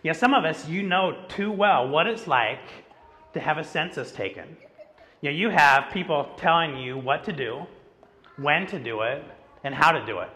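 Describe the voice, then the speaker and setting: Bright-voiced man preaching conversationally. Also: a little high, lively intonation, normal speed. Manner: conversational, self-deprecating storytelling with frequent "like". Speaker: pastor. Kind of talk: sermon with personal stories. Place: church sanctuary.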